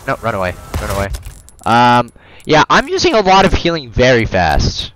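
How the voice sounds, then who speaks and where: A man plays a horror game and reacts out loud with profanity and jokes, yelping whenever something startles him. His mid-range, a bit bright voice swoops wildly in pitch at a moderate pace, in a rough recording with a little hiss or hum.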